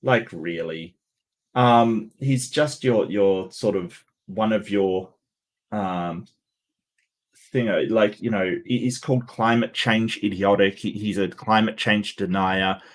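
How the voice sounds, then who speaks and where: A man hosting a livestream, giving casual sarcastic commentary with many halting restarts. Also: fairly low pitch. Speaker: livestream host.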